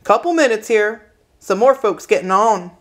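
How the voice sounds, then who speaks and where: A woman voicing a gruff male bus driver who growls through his teeth. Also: low voice, fairly even intonation, slow, voice pushed down, heavily acted. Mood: calling out.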